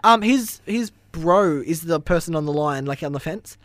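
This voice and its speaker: A man's voice: on the high side, lively intonation, normal speed, no echo. A man co-hosting a casual podcast, joking and reading facts aloud as he moves the talk on. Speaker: podcast co-host. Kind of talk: casual chat recapping a reality show.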